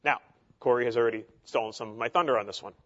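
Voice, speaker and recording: A man leads a theology class in a relaxed, conversational way, full of asides and fillers. His voice sits at a middle pitch, and the recording sounds slightly dull and lo-fi. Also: very fast. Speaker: teacher.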